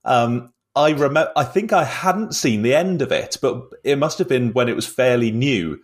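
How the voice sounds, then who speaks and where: A man's voice: medium pitch, animated, moderate pace. A man chatting casually about a film with friends, laughing often and rambling with restarts. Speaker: podcast co-host discussing a film. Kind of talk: casual chat.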